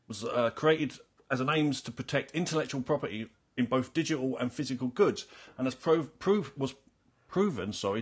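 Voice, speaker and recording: A man's voice: mid-range voice, fairly bright tone, breathy edge. A man hosting a casual panel podcast, chatty and teasing, often restarting his sentences. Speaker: podcast host.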